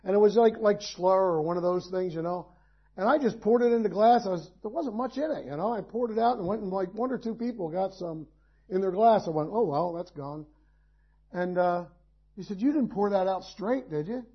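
High-voiced preacher, dull lo-fi sound. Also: male voice, fairly quick, husky. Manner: conversational preaching with folksy asides and rhetorical questions. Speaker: pastor. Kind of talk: sermon.

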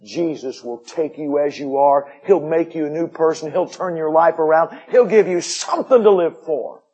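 Husky preacher man. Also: fairly high pitch, moderate pace, dull audio. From United States. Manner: folksy, swings from upbeat jokes to hushed intensity. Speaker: missionary pastor. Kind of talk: sermon with personal stories.

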